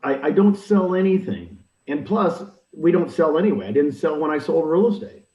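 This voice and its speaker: An older man coaching in an emphatic, animated way, acting out the people he quotes. His voice sits fairly high and swings widely in pitch. He sounds far from the mic in an echoey room, with dull audio. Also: normal speed. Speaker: real estate recruiting leader. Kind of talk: energetic coaching talk. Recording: roomy, distant, dull audio.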